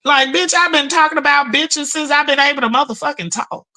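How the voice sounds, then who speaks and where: Her voice is high and she talks a little fast while hosting a laid-back livestream. Swearing as she goes, she spins lively stories and greets people in the chat.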